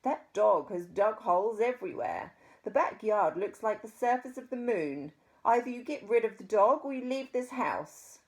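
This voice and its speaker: A woman with a New Zealand accent voicing a tall, posh, snooty older woman, speaking higher and louder than her narration. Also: expressive, moderate pace. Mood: indignant. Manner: posh, haughty.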